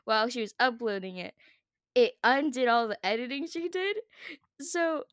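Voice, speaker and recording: Woman cohost chatting, lots of giggles, fairly high voice, dry close sound. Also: normal speed, smooth, no room sound. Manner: giggly, animated storyteller. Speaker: podcast co-host. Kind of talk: casual chat.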